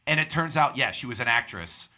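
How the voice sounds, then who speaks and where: Animated young man telling stories. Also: mid-range voice, brisk. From Pittsburgh, USA. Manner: animated storyteller, acts out quoted people. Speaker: podcast host. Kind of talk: casual chat, storytelling.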